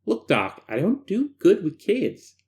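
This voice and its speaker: A jittery male test subject, put on by a man reading a horror file aloud, whining in a high, nasal, faintly froggy voice that swoops up and down. He pleads and balks at every order. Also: huge pitch swings, unhurried, darkish tone, full character voice. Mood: uneasy. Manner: pleading, reluctant. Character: nervous male test subject, wary, whiny.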